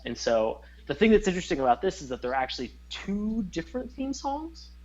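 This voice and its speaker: Rambling, animated man co-hosting. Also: sits high, fairly quick, lo-fi sound. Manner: rambling, animated, searching for words. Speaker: podcast co-host. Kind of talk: casual chat.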